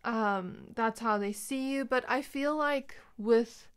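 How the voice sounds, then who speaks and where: A woman's voice: fairly high pitch, slow, clean tone. A young woman giving a pick-a-card tarot reading, talking in a loose, rambling way with many fillers. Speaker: tarot reader.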